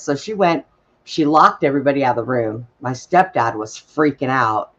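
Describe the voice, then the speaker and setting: A man's voice: mid-range voice, lively intonation, normal speed, fairly bright tone, lo-fi sound. A man telling casual personal stories at an open mic, blunt and folksy, with casual swearing.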